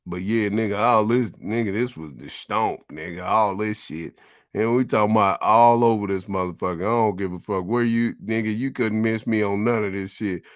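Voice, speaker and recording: A man's voice: lowish voice, normal speed, dry recording, studio quality. A middle-aged man casually reminiscing as he tours his old neighborhood, talking in profane, laid-back street slang. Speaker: vlogger.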